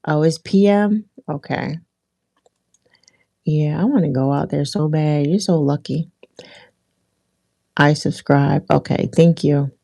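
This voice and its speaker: A woman with a low, gravelly voice hosts a livestream, chatting with viewers in a loose, rambling way full of fillers and restarts. Her voice is recorded close and dry, with no room echo. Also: fairly even intonation, slow pace, long pauses, dark tone. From Philadelphia area. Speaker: livestream host. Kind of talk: casual livestream chat with viewers.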